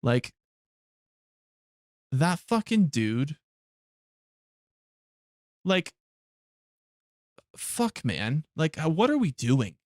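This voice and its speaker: A man's voice: on the high side, big pitch swings, drawn-out words, pauses often, darkish tone, no room sound, clean studio sound. A man streaming a game live, chatting casually with his viewers in blunt, heavily profane rants. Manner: blunt, profane ranting to chat.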